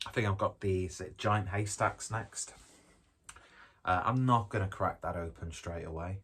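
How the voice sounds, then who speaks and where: Low husky man chatting. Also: normal speed, fairly bright tone. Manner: rambling, jokey, self-deprecating, swears casually. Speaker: beer reviewer. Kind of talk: casual tasting chat.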